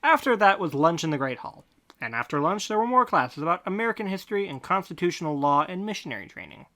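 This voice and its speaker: A podcast host reading fan fiction aloud in a deadpan tone, breaking off for snarky comments. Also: mid-range voice, fast talker. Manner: deadpan reading broken by snarky asides and laughter. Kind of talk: comic fanfic reading with asides.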